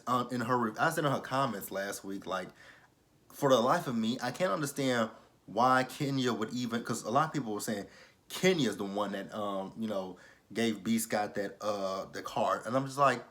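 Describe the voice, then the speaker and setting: A young man giving a casual, opinionated recap of a reality show episode, swearing freely and acting out the cast's quotes with big swings in his voice. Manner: animated, profane, re-enacts quotes with swings in pitch.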